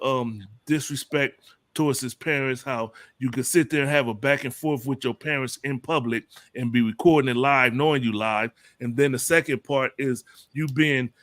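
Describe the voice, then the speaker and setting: A man hosting a casual talk show, animated and emphatic as he tells a story. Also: no room sound. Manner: animated, emphatic, pushes pitch up on quotes. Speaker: podcast host. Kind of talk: casual chat.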